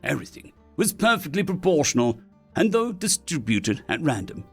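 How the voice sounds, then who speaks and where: A man's voice: on the high side, big pitch swings, normal speed, husky, soft background music. A man reading sci-fi short stories aloud as scripted narration.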